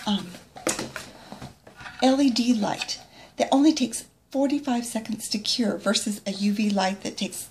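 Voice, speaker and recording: A middle-aged woman talks through a product demo in a chatty, friendly way. Her voice sits a little high and swings widely in pitch, and she often slips into soft, near-whispered asides. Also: slight background noise. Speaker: nail product consultant.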